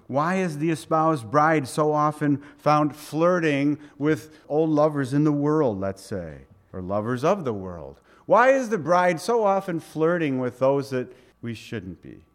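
A man preaching a verse-by-verse sermon, conversational and emphatic, with off-hand asides and touches of sarcasm. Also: mid-range voice. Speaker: pastor. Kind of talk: expository sermon.

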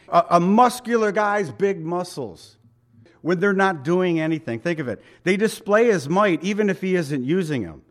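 A man preaching a sermon in a conversational, emphatic way, asking the congregation rhetorical questions. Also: a little high. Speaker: pastor.

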